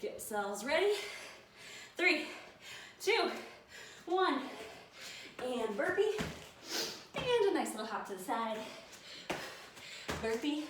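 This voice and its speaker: This workout instructor has a high, very animated voice and speaks slowly, pausing often as she pants through encouraging countdowns. The noisy recording was made from far off in an echoey room.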